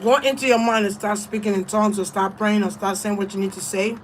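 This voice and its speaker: A woman's voice: medium pitch, steady tone, fast talker, a little hiss or hum, low-quality recording. Blunt, profane woman giving spiritual advice. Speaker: tarot reader.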